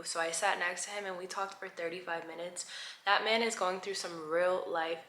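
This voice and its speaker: A woman in her twenties talking candidly in a casual vlog diary, swinging between soft murmurs and excited bursts. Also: fairly low pitch, quick pace, a little hiss or hum. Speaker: vlogger. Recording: echoey room.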